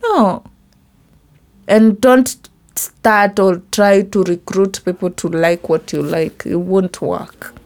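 A young woman with a Kenyan Kimeru accent hosts a solo podcast in a relaxed, chatty way. She talks slowly at a middle pitch. She mixes English and Swahili and now and then drops into a soft whisper. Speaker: podcast host. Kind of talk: casual solo podcast talk.

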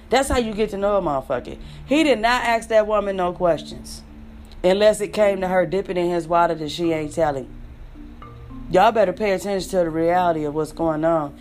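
A woman's voice: on the low side, fairly quick, a little mellow, faint music behind. A young adult woman ranting bluntly and sarcastically to her viewers, full of profanity. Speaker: vlogger. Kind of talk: ranting monologue.

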